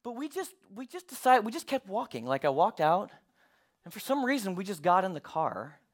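A man in his thirties, a pastor, telling a lively personal story as the opening of a sermon, animated and emphatic. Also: sits high, normal speed.

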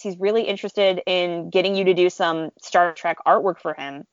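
Chatty animated woman, dull dry sound. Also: medium pitch, a little fast, few pauses, no room sound. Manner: animated, chatty, frequent laughs and fillers. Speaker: fan artist guest. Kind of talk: casual storytelling interview.

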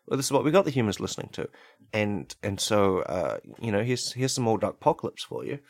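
A man hosting a comedy podcast, rambling through an absurd deadpan monologue full of fillers and tag questions. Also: on the low side, fairly quick, no echo, clean studio sound. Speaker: podcast host.

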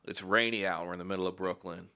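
A man with a very low voice that still rings bright tells a laid-back story on a podcast. His tone is smooth and clear, and he tosses in quick asides as he goes. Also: steady tone. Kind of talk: casual storytelling.

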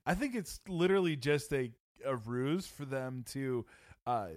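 A man's voice: mid-range voice, lively intonation, measured pace, darkish tone, no echo, clean studio sound. A man co-hosting a casual podcast, cracking jokes, cursing and riffing on tangents. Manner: wisecracking, profane asides, riffing tangents. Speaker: podcast co-host. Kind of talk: casual movie podcast chat.

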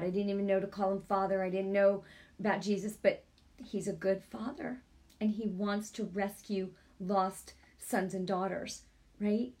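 A woman's voice: mid-range voice, a little mellow. A woman hosting a live-streamed devotional talk. She speaks in a fervent, earnest way and chats back to her viewers. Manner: fervent and earnest, repeats "I'm telling you"; chatty, answers viewer comments aloud. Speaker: online ministry host.

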